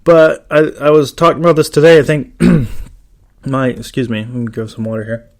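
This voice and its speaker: Brief: male podcast host, casual solo chat, mid-pitched voice, loose and rambling. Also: fairly even intonation, moderate pace, a little mellow. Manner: rambling, many fillers and restarts.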